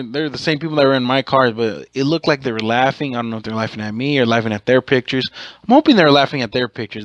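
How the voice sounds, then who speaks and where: A man's voice: medium pitch, fairly bright tone, dry recording. A man hosting his own podcast, telling a rambling, profane story in a casual way and correcting himself as he goes. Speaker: podcast host.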